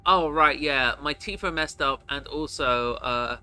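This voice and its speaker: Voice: medium pitch, a little slow, pushed and bright, clear, resonant tone. A game streamer chatting and reacting to viewers while playing. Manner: chatty, laughing, reacting to chat. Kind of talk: let's play commentary.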